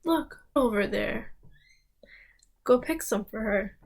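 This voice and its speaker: A woman's voice: on the high side, animated, vocal fry, heavily acted. Sly scheming wolf, as a woman puts him on. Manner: sly, drawn-out musing hums, whispered asides. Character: big bad male wolf, sly and scheming.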